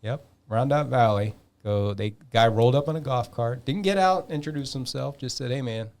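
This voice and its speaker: A man in his fifties telling a long story in a casual podcast chat, animated, swearing freely and acting out the dialogue. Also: medium pitch, moderate pace. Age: 50s. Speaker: podcast guest.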